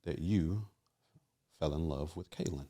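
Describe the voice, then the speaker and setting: Man, podcast host, very deep husky voice, short replies. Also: a little slow, dark tone. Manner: brief backchannel replies, few words. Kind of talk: interviewing, casual chat.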